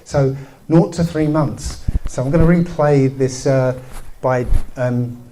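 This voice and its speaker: A man's voice: mid-range voice, slow, warm tone, a little hiss or hum, low-quality recording. A man explaining something casually, with many fillers. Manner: loose, full of fillers like "you know".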